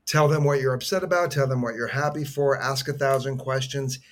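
A middle-aged man talks as a podcast guest at a mid-range pitch. He tells his stories earnestly and from the heart, rambling and restarting his sentences as he goes. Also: steady tone, a little fast. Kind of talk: conversational storytelling.

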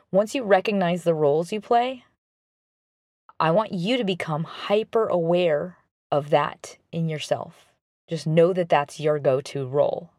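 A woman hosting a relationship advice talk, guiding the listener through a reflection in a calm, instructive way. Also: lowish voice, no room sound, studio quality.

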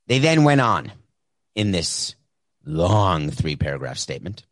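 A man's voice: low voice, big pitch swings, unhurried, no room sound, studio quality. A man hosting a sports talk show, delivering a sarcastic, mocking monologue into a desk microphone. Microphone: desk mic with mute button.

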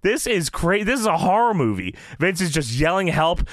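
Co-host, male: animated storyteller who laughs constantly and drops into a gruff voice for quotes. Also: normal speed, no room sound, clean studio sound. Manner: laughs often, acts out quotes in a low growl. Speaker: podcast co-host. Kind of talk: casual wrestling recap chat.

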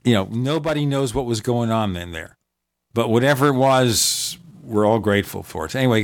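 A man hosting a casual conversation, steering the topic along in a conversational way. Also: mid-range voice. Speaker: podcast host.

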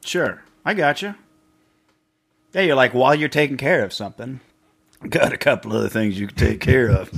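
A man's voice: mid-range voice, moderate pace, creaky, pauses often, a bit bright, husky. A man hosting a candid, casual conversation, joking and rambling with frequent restarts. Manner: rambling, jokey, stammering restarts.

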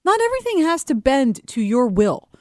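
Woman radio co-host, high voice, blunt and emphatic, dry studio sound. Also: big pitch swings, moderate pace, no room sound. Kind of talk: casual radio banter.

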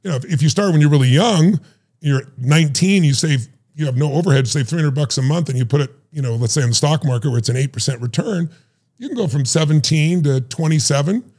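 A middle-aged man telling stories in an animated, emphatic way and acting out the voices he quotes. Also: on the high side, fast talker, husky. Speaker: guest, life strategist. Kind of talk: animated storytelling.

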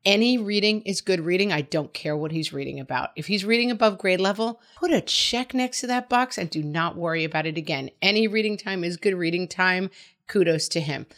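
A woman's voice: lowish voice, brisk, fairly bright tone. A woman hosting a parenting advice show, answering a listener's question in frank, emphatic, chatty talk.

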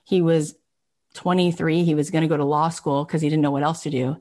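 A woman podcast host telling a story in a casual, animated way, full of "like" fillers and lively acted-out quotes. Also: low-pitched, fairly quick. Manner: animated, chatty, many "like" fillers.

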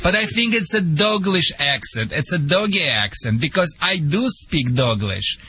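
A man's voice: a little high, animated, pushed and bright, breathy edge, no room sound. Joking Russian-accented man on radio. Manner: joking, self-mocking, halting with many fillers. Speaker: dog trainer on a radio show. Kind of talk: radio call-in advice.

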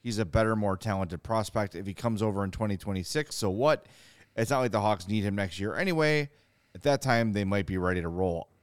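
A man's voice: on the low side, brisk, clear, resonant tone, dry recording. A man with a Chicago accent co-hosting a casual sports podcast, reading listener questions aloud with a joking manner. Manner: jokey, reads mailbag questions aloud.

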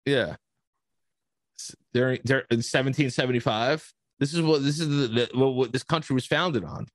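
A man on a podcast telling a story in casual chat, profane and animated, acting out the dialogue. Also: medium pitch, moderate pace, no echo. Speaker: podcast host.

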